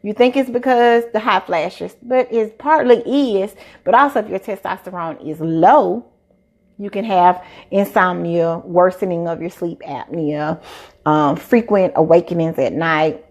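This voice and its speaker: A woman with a lowish voice speaks unhurriedly as a doctor giving health advice on a live stream. She chats casually and tells stories animatedly, acting out the quotes.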